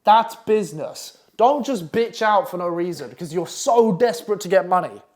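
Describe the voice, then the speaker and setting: A young man lectures on copywriting with a blunt, foul-mouthed swagger. His pitch swings widely as he acts out clients in quick asides. It sounds like casual, unscripted coaching talk. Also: expressive, a little mellow. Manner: crude, blunt and swearing constantly, acting out clients in quick asides. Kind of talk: profane casual masterclass talk.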